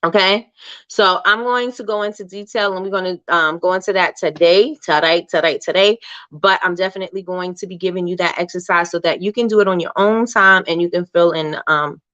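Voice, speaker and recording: A woman's voice: fairly low pitch, brisk, a bit bright, no echo. Woman hosting a live motivational chat, keeps saying right?, kinda dull dry sound. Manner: chatty, keeps asking "right?"; reads viewer comments aloud. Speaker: livestream host. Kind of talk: casual motivational livestream talk.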